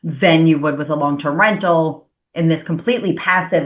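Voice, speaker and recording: A woman's voice: low-pitched, a little fast. A woman hosting a podcast interview, talking in long, rambling, hedging turns. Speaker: podcast host. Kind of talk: casual interview chat. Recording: tinny phone-like line.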